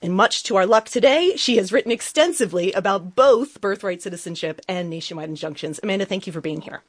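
A woman hosting live special news coverage on radio, introducing guests and asking questions in a measured anchor voice. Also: mid-range voice, animated, dry recording. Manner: clear, measured anchor delivery. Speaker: news host.

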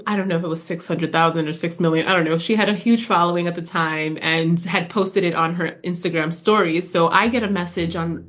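A woman, a guest on a radio interview, retelling a personal story in an animated, emotional way, laughing now and then. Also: on the low side. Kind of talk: casual storytelling.

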